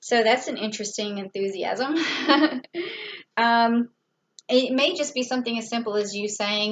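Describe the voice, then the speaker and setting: A woman's voice: fairly high pitch, unhurried, a little hiss or hum, low-quality recording. A woman giving a casual tarot reading, talking it through in a chatty way with fillers and small laughs. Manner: chatty, thinks aloud with fillers and little laughs. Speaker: tarot reader.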